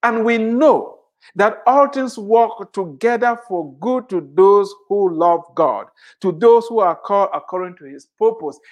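A preacher delivering a fervent sermon, voice leaping high and dropping low as they drive each point home. They repeat key phrases and pile up rhetorical questions to press the congregation. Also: expressive, measured pace. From immigrant to the United States.

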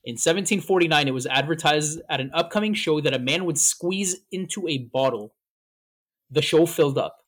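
Laid-back man telling stories, slightly high. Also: normal speed. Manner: laughing, relaxed storytelling with swearing. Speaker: podcast co-host. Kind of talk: casual chat.

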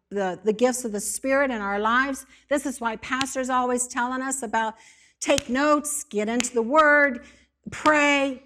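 Animated woman preaching, fairly high voice. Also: slight background noise. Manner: animated, emphatic preaching with repeated lists. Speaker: speaker in a church setting. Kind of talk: sermon.

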